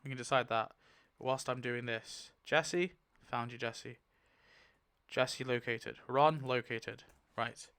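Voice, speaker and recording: A man giving casual, excitable commentary while spinning a wheel, laughing often and mumbling lists to himself. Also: medium pitch, takes it slowly, clean tone. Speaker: YouTuber.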